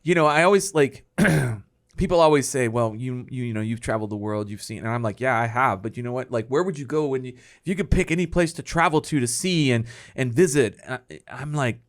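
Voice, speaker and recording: A man from Texas hosting a podcast, chatting in a relaxed, profane way and often breaking into laughter. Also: medium pitch, fairly quick. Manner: relaxed, profane, easily amused. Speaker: podcast host. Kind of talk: casual podcast chat.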